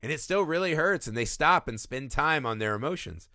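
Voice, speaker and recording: A man talks through a film on a podcast with a bright, ringing tone and a lively, swooping pitch. He laughs often and slips into quick voices to act out scenes. The sound is dry and close, with no room around it. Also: dry recording. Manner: animated, acts out movie lines in voices, laughs often. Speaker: podcast co-host. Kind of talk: casual film discussion.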